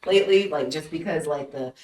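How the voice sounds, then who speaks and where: A woman's voice: low voice, fairly quick, a crowd in the background. A woman in casual podcast chat tells a story with lots of fillers and swearing, laughing along as she goes. Her voice sounds roomy and a bit distant from the mic. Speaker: podcast co-host.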